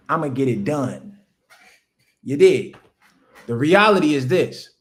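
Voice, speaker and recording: A man, hosting a livestream and delivering a loud, preachy motivational rant that jumps high when he hammers a point. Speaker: livestream host.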